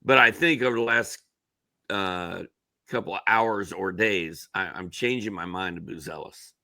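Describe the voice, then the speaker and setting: A man's voice: low voice, a little slow, sharp tone. A man co-hosting a sports podcast in a casual chat, thinking aloud and weighing both sides. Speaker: co-host.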